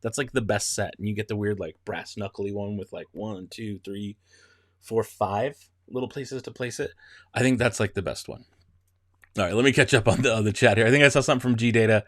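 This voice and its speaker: A lowish, brisk male voice, recorded clean in a studio with no echo. He's hosting a casual livestream, chatting with viewers, giggling, rambling and restarting often.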